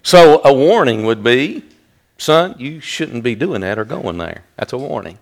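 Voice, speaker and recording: A man pastor preaching a sermon, rising loud and high when he quotes a rebuke. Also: sing-song, measured pace.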